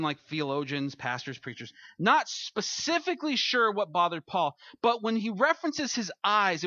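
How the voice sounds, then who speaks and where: Bright, high-voiced male pastor preaching. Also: no room sound, muffled recording. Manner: conversational preaching, acts out quotes. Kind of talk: sermon.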